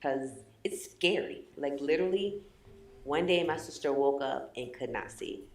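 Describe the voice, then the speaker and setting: A woman with a very low voice speaks earnestly and with emotion in a reality show confessional, often saying "you know." Her voice echoes around the room. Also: unhurried.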